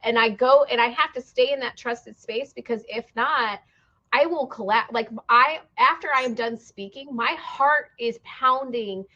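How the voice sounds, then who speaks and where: A woman's voice: a little high, unhurried, pushed and bright, muffled recording. A woman hosting a podcast, speaking earnestly and reflectively in casual conversation. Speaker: podcast host.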